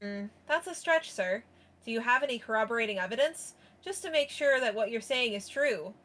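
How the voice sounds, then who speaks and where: A woman's voice: on the high side, expressive, brisk, a bit bright. A woman reading the part of a dry, questioning male researcher in her own voice. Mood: skeptical. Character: skeptical young male researcher interviewer.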